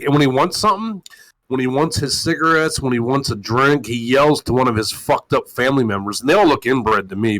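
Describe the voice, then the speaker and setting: A man hosting a call-in talk show, ranting loudly with constant swearing and mocking voices. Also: medium pitch, no room sound, low-quality recording. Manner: loud, animated, swearing, mocking impressions. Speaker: host. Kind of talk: profane casual rant on a call-in show.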